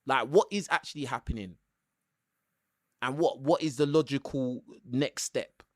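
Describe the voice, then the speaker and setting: A man's voice: medium pitch, unhurried. A man runs a live call-in show, chatting casually and hammering his points with "bro." The sound is dry and close to the mic, with no room echo. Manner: animated, emphatic, tags lines with "bro". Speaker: YouTube caller-show host.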